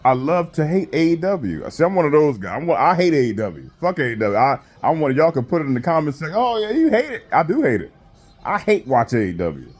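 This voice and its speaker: Profane ranting man, lively voice. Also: mid-range voice, breathy edge. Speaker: wrestling reviewer. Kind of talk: casual rant.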